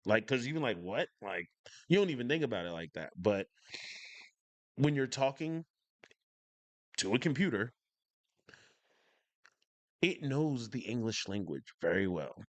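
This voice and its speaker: A man hosts a casual reaction video. He enunciates clearly and lays out his opinions emphatically, repeating lines to drive them home. His voice sits at an ordinary middle pitch, and the dry recording has no room sound. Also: big pitch swings, measured pace, long pauses, no echo. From northern United States. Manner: lecturing, repeats points for stress. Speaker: reaction channel host.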